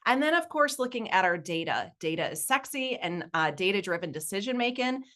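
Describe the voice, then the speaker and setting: Bright-voiced Southern woman presenting a webinar. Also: fairly low pitch, very animated, moderate pace. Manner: upbeat, chatty, laughs easily. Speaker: nonprofit consultant presenting a webinar.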